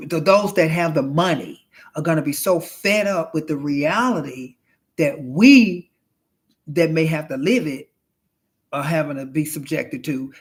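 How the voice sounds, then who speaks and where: A man's voice: on the high side, slightly rough. A man in a casual storytelling monologue, flamboyant and chatty, calling his listener honey and child, rambling with restarts and swearing as he goes.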